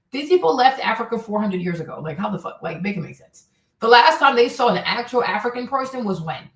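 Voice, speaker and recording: A woman's voice: a little high, distant mic. Blunt, profane woman ranting on stream. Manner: blunt and profane, with mocking quoted asides. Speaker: streamer host. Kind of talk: opinionated livestream rant. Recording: echoey room, voice a bit off-mic.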